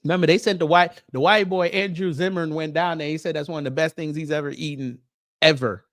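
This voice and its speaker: A man's voice: a little high, steady tone, a little fast, a bit bright. Joking man reacting to his viewers. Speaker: commentary streamer. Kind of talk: casual reaction commentary.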